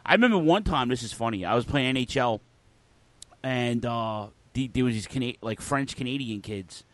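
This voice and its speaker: A man's voice: mid-range voice, animated, normal speed, a bit bright. A man in his forties hosting a podcast, telling loose stories in casual chat and swearing constantly. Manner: profane, loose storytelling with lots of cursing. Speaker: podcast host.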